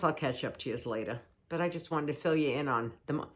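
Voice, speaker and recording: A woman's voice: sits low, fast talker, hardly any pauses. Chatty older woman vlogging casually. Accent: non-local accent. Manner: chatty, lively, with frequent little laughs.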